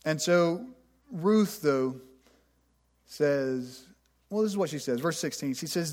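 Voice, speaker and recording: Guy pastor giving a chatty sermon, kinda high voice, stumbles and repeats words. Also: expressive, takes it slowly, pauses often, darkish tone. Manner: conversational, self-deprecating, stumbles and repeats words.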